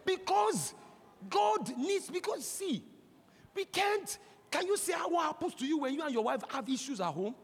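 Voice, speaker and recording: High-voiced Nigerian preacher, impassioned. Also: male voice, animated, normal speed, creaky. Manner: impassioned, breaks into shouting. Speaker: pastor. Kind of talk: sermon. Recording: long hall reverb.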